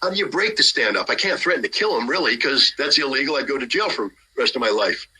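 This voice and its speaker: A middle-aged man telling a long anecdote in a lively way, acting out the lines of the people in it. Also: mid-range voice, fast talker, slightly rough, low-quality recording. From United States. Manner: lively, acts out dialogue with shifting voices. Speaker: guest telling a story. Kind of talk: animated anecdotal storytelling.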